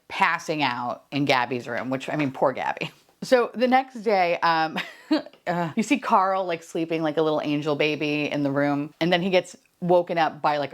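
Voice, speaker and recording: Animated, swearing woman recapping reality TV. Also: fairly low pitch. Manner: profane, animated, laughing storyteller. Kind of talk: casual recap while doing makeup.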